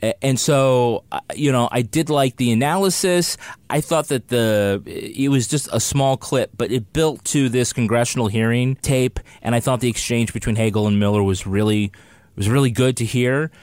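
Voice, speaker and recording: A man's voice: mid-range voice, normal speed, darkish tone, dry recording. Jokey man rambling on a podcast. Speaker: podcast co-host. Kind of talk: casual podcast chat.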